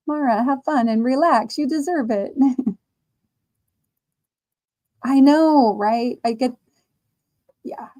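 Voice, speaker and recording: With a high-pitched, mellow voice, this livestream host crochets while reading out comments from chat. Her manner is slow and chatty, and she laughs frequently.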